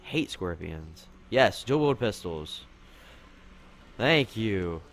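A young man commentating on his own gameplay, excitable, yelping and complaining at the game as he plays. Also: lowish voice, very slow, slight background noise. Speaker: gaming commentator.

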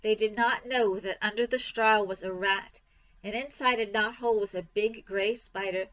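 A woman reading a children's novel aloud for a library storytime, in an expressive read-aloud manner, on a dull lo-fi recording. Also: mid-range voice, normal speed.

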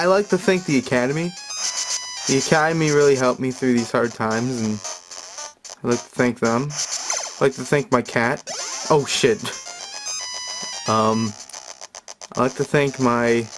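A young man doing let's-play commentary, joking, rambling and swearing, sometimes bursting into loud excited yells. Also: medium pitch. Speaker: let's player. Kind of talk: video game commentary. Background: game music.

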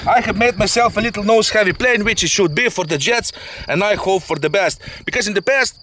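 Brief: high-voiced male host, jokey and rambling, outdoor field recording with loud insect noise. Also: brisk, rough recording. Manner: joking, rambling, non-native phrasing. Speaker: channel host, RC pilot. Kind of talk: casual outdoor chat.

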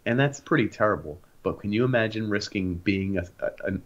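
A young man co-hosting a podcast, telling animated stories in casual chat and acting out the voices of people in them. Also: fairly low pitch, a little fast, noisy background. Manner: animated, acts out voices in anecdotes. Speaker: podcast co-host. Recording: dull lo-fi sound.

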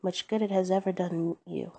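A woman's voice: on the low side, fairly even intonation, normal speed, gravelly, mellow, husky. A woman voicing a grumpy, miserly old man in a storybook reading, curt and scornful.

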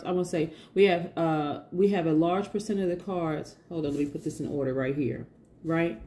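A woman's voice: fairly low pitch, mellow, a little hiss or hum. A woman giving a casual tarot reading, chatty and emphatic, repeating her points and laughing often. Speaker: tarot reader.

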